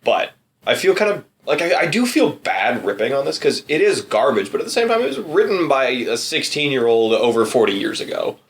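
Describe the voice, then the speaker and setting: A man's voice: medium pitch, very animated, brisk. A man co-hosting a casual podcast chat in a dry, wry way, drawing out words for emphasis. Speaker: podcast co-host and reader.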